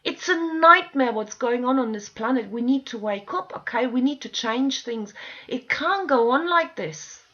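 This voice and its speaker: A middle-aged woman vlogger rants straight to camera in a high-pitched, expressive, slightly bright voice at normal speed. Emotional, pleading and exasperated, she swears often. The home video sound is dull and lo-fi.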